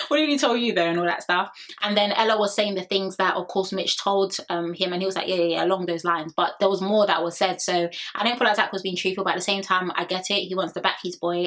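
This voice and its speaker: A woman's voice: mid-range voice, a bit bright. A young woman casually recapping a reality show, opinionated and gossipy, laughing often.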